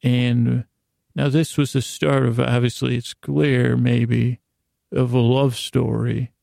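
Male podcast storyteller improvising comedy, gravelly dark voice, rambling, self-correcting. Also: medium pitch, level tone, slow, dry recording, studio quality.

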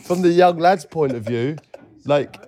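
A man's voice: fairly high pitch, unhurried. A young man co-hosting a podcast, teasing and joking in casual banter. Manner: teasing, joking, deadpan wind-ups. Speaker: podcast co-host.

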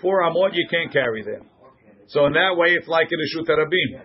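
A man's voice: a little high, expressive, fairly quick. A man teaching a Talmud class, reading Hebrew and Aramaic phrases aloud and translating each one into English for his students in a classroom. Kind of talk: classroom Gemara lesson. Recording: muffled lo-fi classroom recording.

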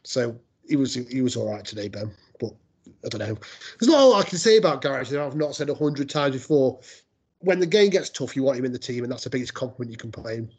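An on-man chatting on a football podcast, throwing wry jokes in among his views on the players. His mid-pitched voice has a husky, slightly rough grain. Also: animated, fast, darkish tone. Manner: wry, joking asides. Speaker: podcast co-host. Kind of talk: casual football podcast chat.

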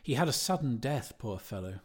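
A man reading an audiobook, voicing a hearty middle-aged Dublin man who gossips in a brisk, slightly raised voice. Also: mid-range voice, sing-song, breathy edge. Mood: sympathetic.

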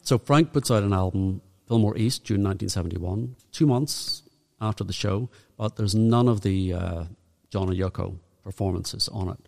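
A man's voice: lowish voice, normal speed, vocal fry, darkish tone, big-room sound. A man with a Northern Irish accent co-hosting a podcast, chatting casually and reeling off dates and facts. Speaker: podcast co-host. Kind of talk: casual chat.

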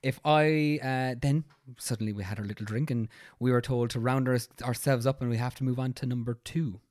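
A man's voice: mid-range voice, steady tone, fairly quick, a little mellow. An Irish man co-hosting a podcast in casual chat, playfully explaining rules step by step. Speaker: podcast co-host.

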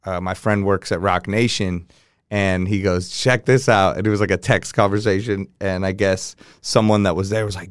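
A man's voice: deep voice, fairly even intonation, normal speed, smooth, no room sound, clean studio sound. A man, a DJ guest on a podcast, telling stories in casual chat, laid-back, swearing freely and acting out what people said.

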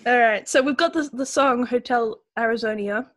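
Inquisitive woman, slightly high voice. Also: moderate pace. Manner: inquisitive, asks clarifying questions. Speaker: playwriting group member. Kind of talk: casual brainstorming chat.

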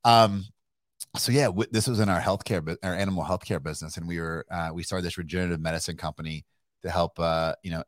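Deep-voiced, swearing storyteller from Kentucky. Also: male voice, fast, no room sound, clean studio sound. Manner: animated, profane, laughs mid-story, many restarts. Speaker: guest entrepreneur. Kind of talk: casual storytelling interview.

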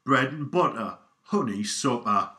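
A man voicing a hairy, gruff male Geordie biker cook with a Geordie accent, giving a deadpan comic recipe demonstration in an echoey recording. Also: medium pitch, measured pace. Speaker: recipe presenter. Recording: echoey, sounds like a station tannoy.

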